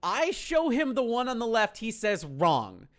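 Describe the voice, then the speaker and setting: A man's voice: very high voice, expressive, normal speed, a bit bright. A man telling a story on a stream, profane, incredulous and exasperated.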